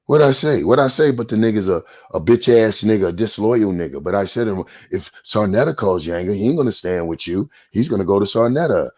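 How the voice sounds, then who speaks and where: A man doing a mocking impression of a sneering younger man, in a low, taunting singsong. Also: expressive, fairly quick, few pauses, a little mellow.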